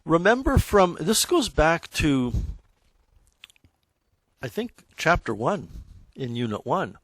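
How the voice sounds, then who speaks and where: A man's voice: a little high, very animated, slow pace, a bit bright, no room sound. A man teaching a math lesson to his class in a classroom, talking in a loose, conversational way that corrects itself as it goes and keeps checking in with the students. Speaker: high school math teacher. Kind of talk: classroom lecture.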